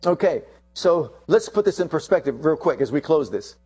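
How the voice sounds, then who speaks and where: A man's voice: moderate pace, husky. A man preaching a sermon, acting out the quoted lines of the story. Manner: animated, acts out quotes with shifting pitch.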